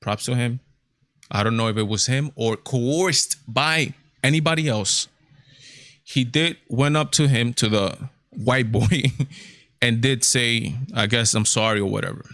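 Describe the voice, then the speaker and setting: A man's voice: mid-range voice, a little slow, a bit bright, dry recording, studio quality. A man hosting a casual livestream, talking emphatically with lots of repetition. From Hispanic heritage, United States. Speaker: show host.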